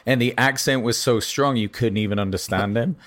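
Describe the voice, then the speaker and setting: A man co-hosting a podcast, telling rambling, animated comedy stories in casual chat. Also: medium pitch, a little fast.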